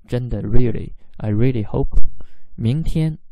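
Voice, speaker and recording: Male podcast teacher, unhurried, patient explainer, dark mellow tone. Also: medium pitch, no room sound. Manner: explains words slowly, mixing in example phrases. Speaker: Chinese language teacher. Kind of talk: podcast language lesson; reading a diary aloud.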